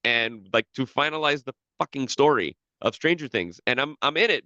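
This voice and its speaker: A man's voice: mid-range voice, expressive, moderate pace, bright, forceful tone, no room sound, muffled recording. A man co-hosting a podcast in casual chat, rambling with lots of restarts and casual swearing. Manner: rambling, profane, many restarts. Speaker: podcast co-host.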